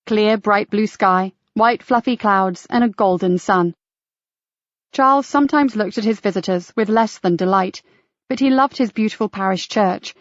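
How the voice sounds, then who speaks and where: Lady reading an audiobook, even and measured, dry close sound, a bit muffled. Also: mid-range voice, no room sound. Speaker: audiobook narrator. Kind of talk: scripted audiobook narration. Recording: dry, slightly dull audiobook recording.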